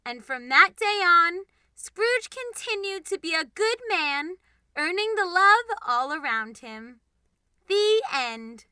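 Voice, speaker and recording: A woman narrating a bedtime storybook, slow and clear. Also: extremely high pitch, sing-song, sharp tone, no echo.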